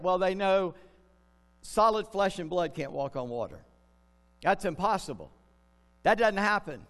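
A man's voice: high voice, a bit bright. A man preaching a sermon in a conversational way, putting questions to his listeners. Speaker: pastor. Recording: long reverb of a large hall.

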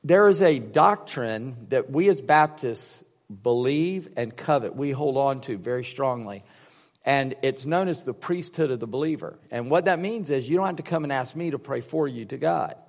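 A man's voice: mid-range voice, lively intonation, moderate pace, gravelly, in a large hall. A man preaching a casual sermon, rambling through personal stories with many restarts and fillers. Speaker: pastor.

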